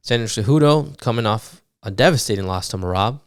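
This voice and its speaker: A man recapping fights on his podcast in a loose, animated monologue, swearing often and full of fillers. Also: mid-range voice, quick pace, clean tone, no room sound, studio quality. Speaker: podcast host.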